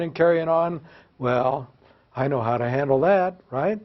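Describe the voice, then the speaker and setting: A man's voice: mid-range voice, normal speed, muffled recording. An older American man, a former teacher, telling self-mocking stories to an audience and asking them questions. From United States. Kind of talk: humorous storytelling talk to an audience.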